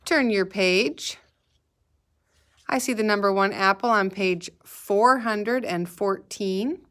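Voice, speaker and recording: Her voice is medium-pitched, a bit bright, and clean in tone. She teaches kindergarten math in a recorded remote lesson, speaking slowly and patiently and coaxing the children in a sing-song way to repeat words after her.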